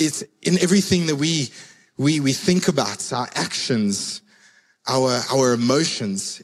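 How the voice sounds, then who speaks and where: A man with a slightly high voice preaches a sermon in a relaxed, storytelling way. He circles back to key words again and again for emphasis. His voice carries a long reverb, as if filling a large hall. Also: husky.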